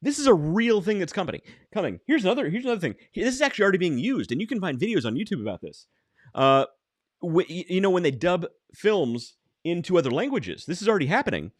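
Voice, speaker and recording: A man with a lively, bouncing voice pitched a little high talks through a podcast conversation, circling back and restarting his sentences. He slips in deadpan jokes, and the sound is close and dry with no room around it. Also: fast, no room sound. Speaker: podcast host. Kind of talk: casual chat.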